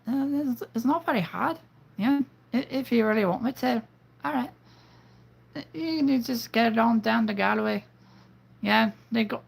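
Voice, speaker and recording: A man doing a high, chatty Irish woman. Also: gravelly, breathy edge, exaggerated voice.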